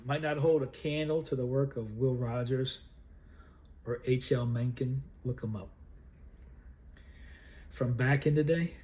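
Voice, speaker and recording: A man's voice: medium pitch, fairly even intonation, unhurried, pauses often, dark tone. A man from the United States delivering a recorded political essay in a blunt, indignant and scornful way. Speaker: political commentator.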